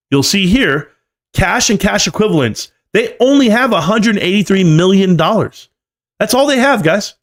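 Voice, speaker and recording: A man giving live stream market commentary, emphatic and lecturing, often repeating key numbers. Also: high-pitched. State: coughing, choked up.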